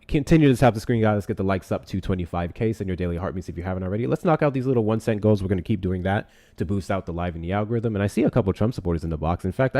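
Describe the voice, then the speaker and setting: A young man with a slightly low voice hosts a live stream in a casual, profane, sarcastic way. He reads text aloud and breaks off to react and talk to his chat. Now and then he turns away from his desk mic, and his voice drops and grows distant. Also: a little mellow.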